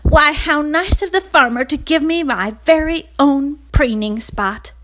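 A woman's voice: high-pitched, measured pace, a bit bright, pitched above the performer's own voice. A woman voicing a vain, bossy male rooster in a storybook, haughty and commanding.

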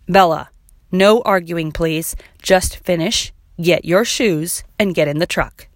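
A woman's voice: fairly low pitch, slow pace, no echo, clean studio sound. Woman doing a patient firm dad. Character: grown man, patient firm father.

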